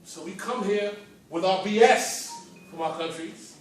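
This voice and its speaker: A man's voice: high voice, a little slow, slight background noise. A man speaking on a conference panel, with fervent, preacher-like rhetorical questions and a rising and falling emphasis. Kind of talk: impassioned panel speech. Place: conference hall in a library. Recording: echoey hall from far off.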